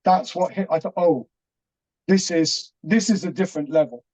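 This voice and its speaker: A middle-aged man, earnest and halting, telling a personal story as an interview guest with many restarts. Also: fairly high pitch, darkish tone. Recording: dull, muffled audio.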